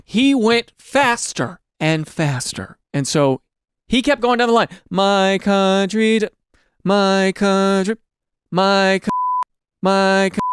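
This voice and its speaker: A man hosts a casual comedic chat, reacting to stories and slipping into exaggerated voices for quotes. His voice sits high and swings widely in pitch. The tone is smooth and clear, and the sound is dry and close. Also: no echo. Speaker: host.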